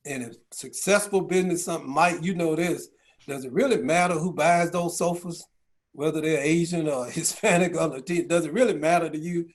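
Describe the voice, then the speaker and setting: Man, middle-aged, fairly high voice, speech at a round table, storytelling, rhetorical questions. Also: a little fast. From Georgia, US. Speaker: county CEO speaking at a business round table.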